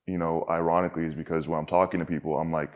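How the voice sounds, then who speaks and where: A young man with a low voice, talking loosely and candidly as a podcast guest. He rambles, leans on filler words and swears casually. The sound is a bit dull and lo-fi. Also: little pitch movement, rapid-fire.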